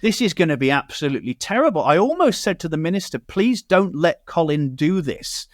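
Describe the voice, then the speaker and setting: British male host, slightly high voice, dry close studio sound, chatty storyteller. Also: very animated, brisk, no room sound. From Britain. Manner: chatty, storytelling with quoted asides. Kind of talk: casual radio chat.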